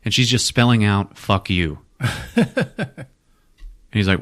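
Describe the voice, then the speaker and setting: A man casually recapping a film for a podcast, swearing often, laughing and acting out quick character bits. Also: fairly low pitch, fairly bright tone. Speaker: podcast host.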